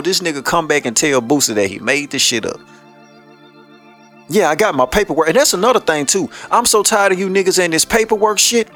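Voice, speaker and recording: A man's voice: on the high side, fairly bright tone. A man hosting a podcast, ranting blunt, profane commentary and laughing often. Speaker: podcast host.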